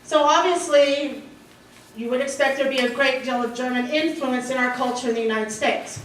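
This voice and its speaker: Woman lecturer, high voice, lively, asks the class questions, laughs a lot, very echoey room heard from afar. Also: normal speed, far from the mic, a little hiss or hum. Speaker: history lecturer.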